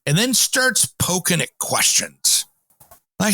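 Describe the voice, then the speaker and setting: A man's voice: a little high, moderate pace, creaky, no room sound. A man hosting a home improvement show, telling stories in a casual chat and acting out the people he quotes. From Pacific Northwest, US. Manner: animated storyteller, acts out quotes.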